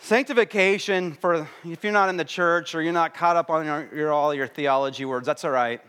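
A man's voice: on the high side, fairly quick, a bit bright, clean tone. Casual, joking male pastor. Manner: conversational, joking, acts out little voices. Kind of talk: sermon. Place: church service.

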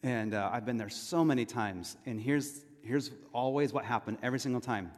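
A man's voice: mid-range voice, normal speed, darkish tone. A man from California preaching a sermon as pastor, telling it conversationally with asides and questions to the congregation. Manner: conversational storytelling with frequent asides and rhetorical questions. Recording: long reverb of a large hall.

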